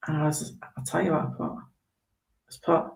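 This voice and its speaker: A woman's voice: deep voice, little pitch movement, fairly quick, vocal fry, reverberant, poor audio. A woman giving chatty, reassuring tarot readings on a live stream, often checking in with okay. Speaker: tarot reader.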